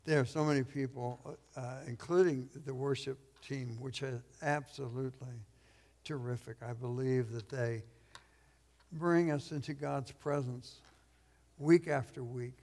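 A man from Texas preaching a sermon as a guest pastor, losing his voice, clearing his throat and pausing on fillers. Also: medium pitch, steady tone, a little mellow, in a large hall.

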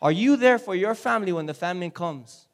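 High-voiced man preaching. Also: brisk. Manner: energetic preaching, calls out to the congregation. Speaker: speaker at a church service. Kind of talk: sermon. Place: church before a congregation.

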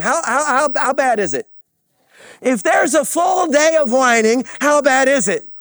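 High-voiced man preaching, slow and dry. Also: a bit bright, no room sound. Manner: preaching with call-and-response and comic asides. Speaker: pastor. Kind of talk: sermon. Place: church sanctuary with congregation.

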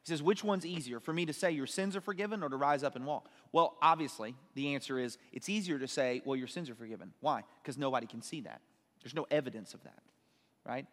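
A man's voice: mid-range voice, quick pace, a bit bright, in a large hall. A man teaching a sermon, reading scripture aloud and explaining it with questions to his listeners. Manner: explains and asks questions, reads verses aloud. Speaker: preacher.

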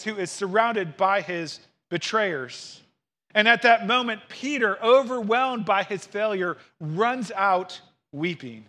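A man in his thirties delivers a sermon with a rather high voice. He preaches earnestly and expressively, acting out the quotes and lines he tells. His delivery shifts between lively emphasis and quieter, softer moments. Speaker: pastor.

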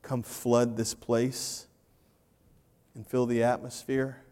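A man preaching a sermon as pastor, animated, swinging from loud to hushed and repeating his phrases. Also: mid-range voice, takes it slowly. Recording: reverberant church hall.

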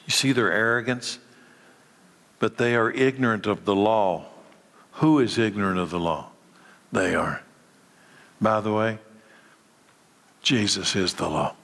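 A man gives a teaching sermon with an emphatic, questioning delivery, pressing his listeners and reading scripture aloud. His voice sits at a middle pitch for a man and carries a long hall reverb around it. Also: measured pace, a bit bright. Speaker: Bible teacher.

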